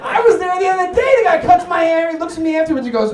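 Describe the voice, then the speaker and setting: A man doing a stand-up comedy set, energetic and profane with loud, punchy outbursts. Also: very high voice, quick pace, few pauses, over a noisy crowd, heavy background noise. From United States. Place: New York apartment with live audience. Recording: echoey room, mic at distance, audience laughter.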